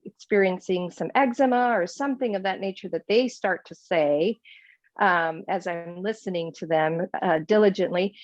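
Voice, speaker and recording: A woman's voice: fairly low pitch, no room sound. A woman joins a team call to share how she works, explaining it step by step in a friendly, casual way. The call audio is dull and lo-fi. Her voice sounds dry and close, with no room around it. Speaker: team member sharing tips on a call. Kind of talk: casual group call talk. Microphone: video call.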